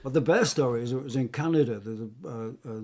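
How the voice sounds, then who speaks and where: An older man spins loose, rambling anecdotes from his mountaineering days, often stopping and restarting and laughing at his own tales. His voice sits at an ordinary middle pitch for a man. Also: fast talker, warm tone. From England. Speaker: interview guest, retired military mountain rescuer. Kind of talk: casual storytelling interview.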